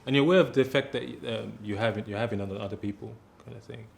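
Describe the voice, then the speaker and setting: A man's voice: lowish voice, fast talker, vocal fry. A male interviewer, talking in a hesitant way with many fillers. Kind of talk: interview questions.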